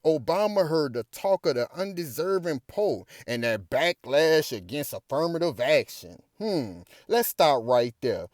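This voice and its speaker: A man's voice: on the high side, very animated, a little slow, hardly any pauses, a little mellow, no echo, clean studio sound. A man hosting a political commentary monologue. He asks rhetorical questions again and again and builds to emphatic indignation. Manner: preachy, rhetorical, keeps asking "you understand me"; reads quotes aloud, then rises to emphatic indignation. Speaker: commentary host.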